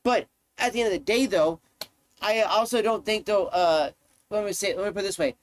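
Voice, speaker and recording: A man's voice: sits high, a little fast. A man live-streaming, ranting to his chat in a heated, profane way, often repeating himself.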